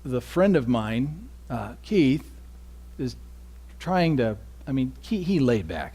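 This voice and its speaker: A man preaching a sermon as pastor, dropping to hushed asides and rising to loud emphasis, often asking the congregation questions. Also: medium pitch, big pitch swings, takes it slowly, breathy edge. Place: church sanctuary.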